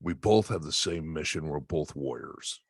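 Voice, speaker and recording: A man putting on a gruff, blunt older male four-star general while telling a story. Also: extremely low pitch, moderate pace, no echo, studio quality.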